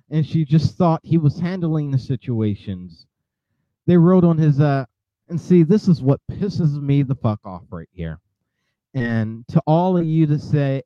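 A man's voice: a little high, no echo, dull audio. A male host giving impassioned, angry commentary, preaching at his listeners with many filler uhs and restarts. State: outraged.

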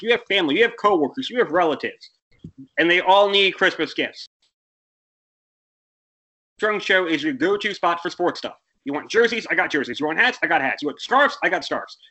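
A young American man with a high, bright, forceful voice co-hosts a casual sports podcast. He rambles, corrects himself, and breaks into exasperated rants.

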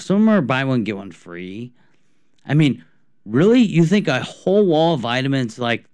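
A man's voice: medium pitch, dry recording. A man co-hosting a comedy podcast, ranting in casual, exasperated banter. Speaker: podcast co-host.

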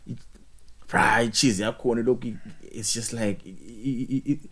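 A young man, chatting casually, animated and joking, full of slang and repeated words. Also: medium pitch, a little slow, slightly rough. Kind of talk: casual chat.

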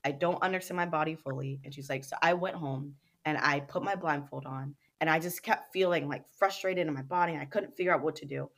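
A woman's voice: sits low, brisk, hardly any pauses, fairly bright tone. A young adult woman, a dance company owner and interview guest, telling stories animatedly, acting out quotes and laughing often. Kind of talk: casual interview chat.

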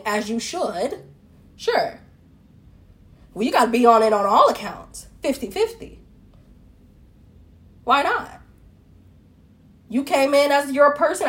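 Woman, fairly high voice, blunt opinion monologue, lots of rhetorical questions. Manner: opinionated, rhetorical questions, addresses listeners as ma'am. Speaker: relationship commentator. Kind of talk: casual opinion monologue to camera.

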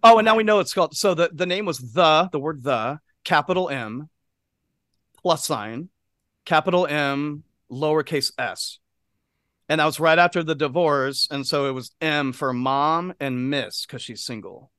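A male podcast co-host telling a rambling, lively anecdote in casual chat, full of asides and swearing, on a studio mic. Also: a little high, unhurried, no room sound.

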